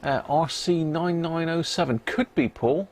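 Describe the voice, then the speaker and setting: Working on a vintage radio at an electronics workbench, a man casually chats with his live-stream audience, fields live chat, and mutters to himself as he tests parts. His voice is fairly high with a darkish tone, and he speaks at a measured pace.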